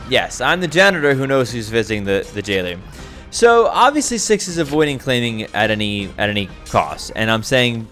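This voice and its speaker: A man talks through his game as he plays it, his pitch swinging up and down a great deal. He restarts sentences and fills pauses with ums as he reasons aloud. Faint music plays underneath him. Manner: lively, thinks aloud with many restarts and fillers. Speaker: gameplay commentator. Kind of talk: casual gameplay commentary.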